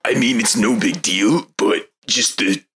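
A man voicing a blunt, brawny male bodyguard in a gruff cartoonish put-on voice. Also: lowish voice, unhurried, fairly bright tone, a little hiss or hum, voice pushed down. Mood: grudging. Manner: blunt, then grudgingly easygoing.

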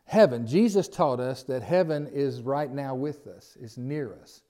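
A man's voice: medium pitch, unhurried, mellow. A man with a Southern US accent preaching a sermon as pastor, in a folksy, conversational way with repeated phrases and asides.

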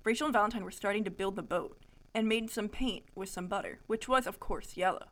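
A woman co-hosting a casual podcast reads a childhood story aloud in a brisk, medium-pitched voice, pausing to laugh and add comments. The audio is lo-fi podcast quality.

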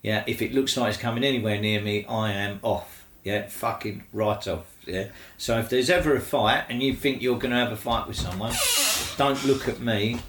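A man talks in a loose, slangy way and keeps adding "do you know what I mean". His voice sits low. The room around him rings with echo. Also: steady tone, normal speed, a bit bright, slight background noise. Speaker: interviewee. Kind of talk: casual storytelling.

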